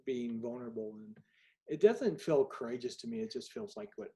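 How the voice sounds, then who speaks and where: A man's voice: medium pitch, big pitch swings, normal speed, dark tone, poor audio. Candid middle-aged man telling stories. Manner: candid, anecdotal, acts out dialogue. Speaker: author guest. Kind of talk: storytelling in an interview.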